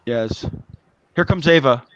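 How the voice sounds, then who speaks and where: A man's voice: medium pitch, measured pace, a bit bright, muffled recording. A man hosting a live web show, talking in a rambling, agitated way and swearing often. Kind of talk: casual live-stream chat.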